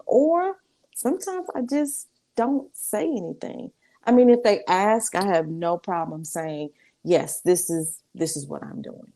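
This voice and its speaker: A woman speaking as a guest on a video call, candid and animated, acting out quoted voices as she tells things. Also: medium pitch, measured pace. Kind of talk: casual video-call talk.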